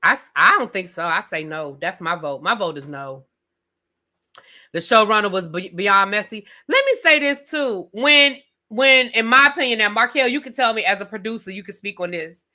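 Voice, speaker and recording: A woman's voice: medium pitch, normal speed. A woman hosting a live review stream, ranting casually and calling out to her viewers with sassy asides and repeated questions. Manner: sassy, talks straight to chat with "y'all" and "baby"; animated, repeats questions for emphasis.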